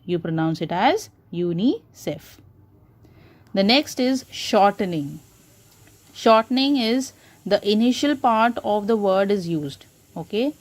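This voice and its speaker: A woman's voice: medium pitch, expressive, unhurried. A woman teacher with an Indian English accent, patiently explaining grammar to schoolchildren with many repeated examples. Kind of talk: classroom grammar lesson.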